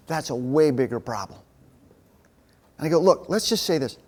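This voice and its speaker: A man with a fairly high voice preaches to a men's group in an easy, conversational way. He tells stories from his own life and plays out the back-and-forth of each conversation. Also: lively intonation, fairly quick, warm tone. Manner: conversational, acts out dialogue in stories. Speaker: men's ministry speaker. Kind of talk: sermon told through personal stories.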